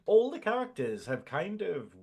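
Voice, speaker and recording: Animated, jokey man. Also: high-pitched, normal speed, creaky. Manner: jokey, animated, laughs often. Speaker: podcast co-host. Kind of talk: casual review chat.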